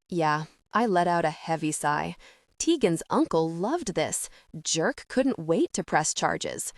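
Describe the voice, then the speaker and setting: A woman narrating a first-person audiobook with a steady, earnest reading. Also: lowish voice, slow, no echo, clean studio sound.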